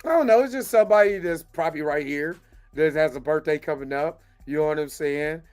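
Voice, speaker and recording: A man's voice: on the high side, brisk, a little mellow, smooth, soft background music. Joking, laughing podcast host man. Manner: laughs often, loose and joking. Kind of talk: casual chat. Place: lives in Kansas City.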